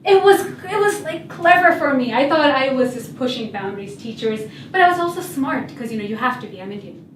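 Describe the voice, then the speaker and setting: High, lively young woman telling stories. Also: brisk, distant mic, a little hiss or hum. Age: young adult. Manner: lively, humorous, acts out quoted voices. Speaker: speaker. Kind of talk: storytelling talk on stage. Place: event hall. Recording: echoey hall, voice set back from the mic.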